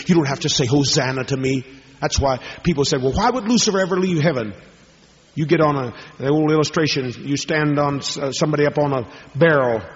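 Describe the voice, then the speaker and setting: A man preaching a sermon to a hall audience, telling stories dramatically and moving from hushed tones to raised ones. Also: medium pitch. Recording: dull lo-fi recording with long hall reverb.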